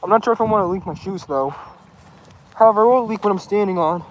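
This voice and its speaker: High-voiced man rambling at his chat. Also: fast talker, poor audio. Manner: rambling and defensive, stumbling restarts. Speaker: streamer answering chat. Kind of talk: casual in-character livestream chat.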